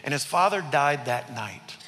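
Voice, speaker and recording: A man's voice: mid-range voice, lively intonation, measured pace, bright, forceful tone. A male pastor telling a story in a sermon, building dramatic intensity. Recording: reverberant hall with faint music.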